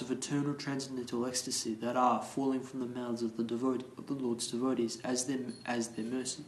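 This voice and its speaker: Reading scripture with slow care during a morning class, this man explains the passages and occasionally restarts words in a verse. His pitch sits in the middle and his tone stays level, all captured with a roomy echo.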